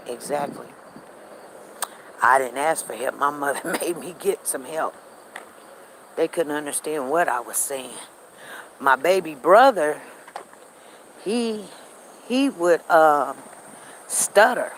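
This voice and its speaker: A woman vlogging on an outdoor walk, telling stories in a chatty, animated way and talking straight to her viewers. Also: low-pitched, slight background noise, rough recording. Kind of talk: casual storytelling to viewers.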